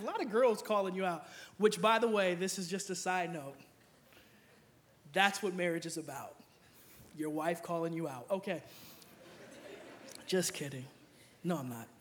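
A young adult man preaching a sermon, playful and joking, acting out Bible figures in casual slang. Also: sits high. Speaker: pastor.

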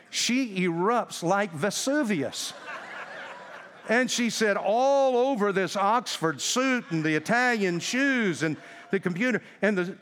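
A male pastor telling a story in a sermon, in a folksy, animated way. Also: high-pitched, big-room sound.

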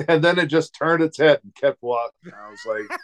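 Animated storyteller man from Montana. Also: fairly high pitch, normal speed. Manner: animated storytelling, laughs often. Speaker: podcast guest, comedian. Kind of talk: casual storytelling.

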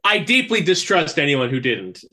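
A man co-hosting a podcast in casual chat, talking quickly with a wry, animated manner. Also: a little high. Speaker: podcast co-host.

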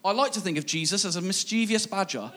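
High-voiced man preaching playfully. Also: fast talker. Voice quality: playful, laughing, rising excitement when amused. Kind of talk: casual humorous sermon.

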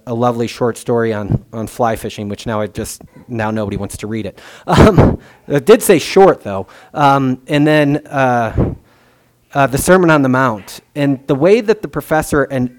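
A man's voice: mid-range voice, a little mellow. A young man giving a conversational sermon as a pastor, musing aloud with many fillers and restarts.

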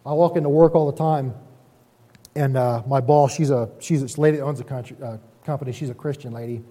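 Folksy pastor preaching in a reverberant hall. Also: male voice, mid-range voice, steady tone, brisk, dark tone. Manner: folksy, self-deprecating, talks to the congregation with frequent "right?". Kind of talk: conversational sermon.

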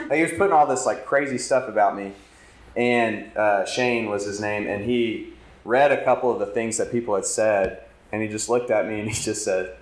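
Low-voiced man telling his story in an echoey hall. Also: fairly even intonation, normal speed. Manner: candid, self-deprecating storytelling. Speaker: campus ministry speaker. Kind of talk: conference talk.

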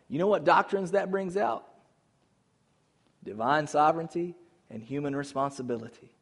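A male pastor preaching in a church, his fairly high voice rising and falling over a wide range. He moves from loud, emphatic calls to quiet, tender lines. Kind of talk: sermon. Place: church sanctuary.

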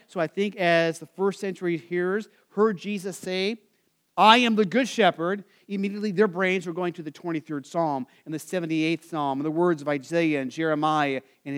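High-voiced earnest male preacher. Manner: earnest, explanatory, with many fillers and restarts. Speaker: pastor. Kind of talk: sermon.

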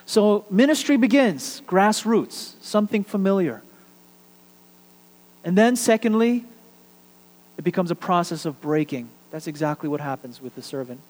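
A male pastor preaching a sermon, telling a story with animated build-ups and quiet, hushed drops for emphasis. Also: on the high side, in a large hall, rough recording.

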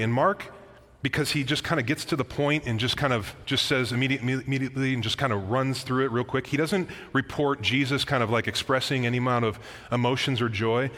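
A man with a medium-pitched, slightly bright voice preaches as pastor in a church sanctuary, earnest and emphatic, tossing casual asides to the congregation. The church hall adds noticeable reverb.

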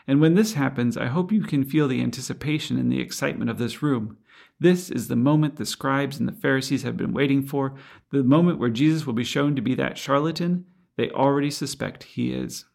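A man's voice: mid-range voice, brisk, vocal fry, darkish tone. A man preaching a sermon in an earnest, reflective way, asking rhetorical questions.

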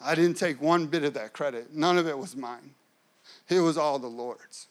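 A man preaching a sermon as pastor, telling a personal story with lively acted-out quotes. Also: a little high, normal speed.

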